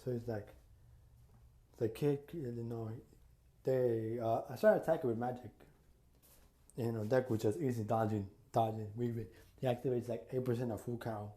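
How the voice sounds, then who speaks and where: A man's voice: medium pitch, steady tone, moderate pace, mellow. A man casually retelling an imagined crossover story as a YouTuber, rambling with lots of fillers and restarts. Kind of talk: casual fan-fiction storytelling.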